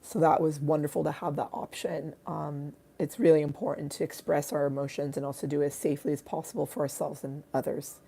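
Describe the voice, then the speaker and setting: Hoarse, raspy woman, low and gravelly, dark tone; rambling casual livestream host. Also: level tone, brisk, hardly any pauses. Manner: rambling, many fillers and restarts. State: hoarse from screaming. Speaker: artist hosting a livestream.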